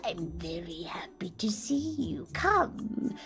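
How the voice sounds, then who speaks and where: A woman voicing an eccentric old witch who welcomes guests into her woodland cottage, pushy and theatrical, swinging from hushed coaxing to shrill gremlin outbursts. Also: sing-song, slow pace, creaky, heavily acted.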